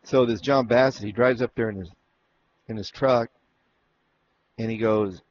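The former jockey from Arizona talks a little slowly in a medium-pitched voice as he tells stories from his racing career in a casual interview. He acts out what people said with animation, and the lo-fi recording is dull with faint noise.

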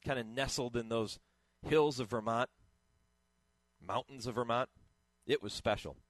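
A man hosting a morning horse racing radio show, talking in a relaxed, conversational way with the odd chuckle. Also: mid-range voice, unhurried, no room sound.

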